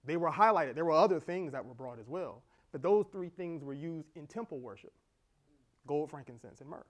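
In a sermon delivered at normal speed, a middle-aged pastor uses a slightly high voice. His preaching is animated; he laughs as he goes and dramatizes the quoted dialogue.

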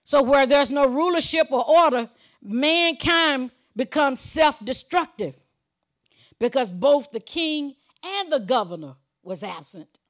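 Woman preacher, high voice, emphatic sermon delivery with loud points and low asides. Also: animated, a little slow. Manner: chuckles while preaching, conversational.

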